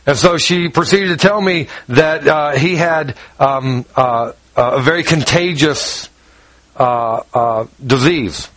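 Male preacher, slightly high voice, chatty sermon delivery, dry close recording. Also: takes it slowly, a bit bright, no echo, low-quality recording. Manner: conversational, repeats words while telling stories.

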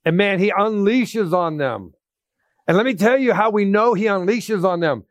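A man preaching a sermon as pastor, animated, acting out scripture quotes in different voices and laughing now and then. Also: high voice, moderate pace, no room sound.

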